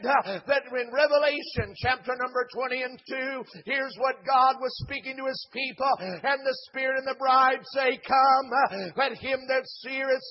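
A man preaching a Pentecostal sermon in a church, chanting and shouting his lines with rhythmic "uh" breaks. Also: very high voice, lo-fi sound. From Dayton, Ohio.

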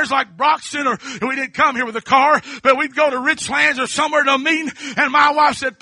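A man preaching a folksy testimony sermon, dotting his story with amens and swinging between quiet talk and shouting. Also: very high-pitched, fairly even intonation, brisk, vocal fry, few pauses, no room sound, clean studio sound. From Kentucky.

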